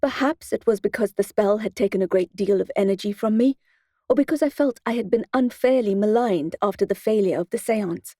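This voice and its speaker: A woman's voice: medium pitch, a little fast, mellow, dry recording. A woman narrating an urban fantasy audiobook in the first person, in a wry, dry storytelling manner.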